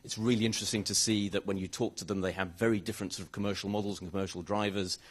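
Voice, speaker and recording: Man, low-pitched, halting, frequent restarts, conference panel answer. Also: level tone, slightly rough. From United Kingdom. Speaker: rail regulator chief executive on a panel. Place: conference hall.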